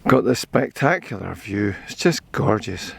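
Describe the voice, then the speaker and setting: A man's voice: lowish voice, lively intonation, unhurried, vocal fry, fairly bright tone, husky. An older man with a Scottish accent chatting casually to a handheld camera as he runs and walks along an outdoor forest trail, rambling cheerfully about the view. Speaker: vlogger. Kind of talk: casual walking and running commentary.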